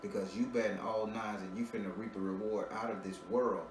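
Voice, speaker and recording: A man's voice: on the low side, steady tone, fairly quick, music in the background. Blunt, laughing man in an echoey room. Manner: blunt and profane, laughs often, repeats words as he restarts. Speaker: spiritual reader giving a tarot reading. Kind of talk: casual, joking reading to a client. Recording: roomy, distant mic with ambient noise.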